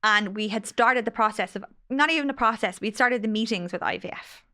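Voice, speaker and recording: A woman in her late thirties, an angel healer appearing as a podcast guest, tells stories in an effusive, emotional way during a casual conversation. Her voice is on the high side, brisk and sharp in tone.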